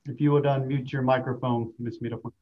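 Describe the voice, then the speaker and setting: A man's voice: mid-range voice, level tone, brisk. Man, meeting staff, brief replies, dull lo-fi audio. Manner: brief, matter-of-fact.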